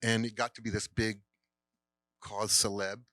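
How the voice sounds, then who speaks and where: An older film director, speaking in a fairly low, level voice that's pushed and bright, a little slow, tells a meandering story at a live cinema Q&A. Fillers and quoted voices pepper his casual storytelling, and there's no echo.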